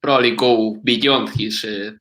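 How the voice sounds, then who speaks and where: Bright-voiced man, hesitant guest. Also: medium pitch, steady tone. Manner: thoughtful, pauses with many uhs. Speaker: podcast guest. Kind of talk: casual interview answers.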